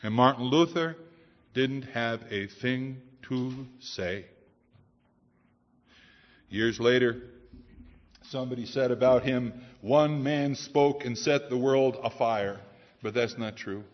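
A male pastor preaching a sermon in a church, swinging from loud declarations to hushed lines. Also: medium pitch, takes it slowly, long pauses. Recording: dull sound with long hall reverb.

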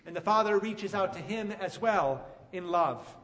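A man preaching a sermon, retelling a story with animated, emphatic delivery. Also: sits high, measured pace, long reverb tail, background noise. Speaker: pastor.

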